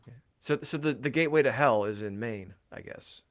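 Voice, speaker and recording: A man's voice: mid-range voice, a little fast. Rambling, profane man on a podcast. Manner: rambling, profane, lots of fillers. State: voice tired from talking all day. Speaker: podcast co-host. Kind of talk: casual podcast chat.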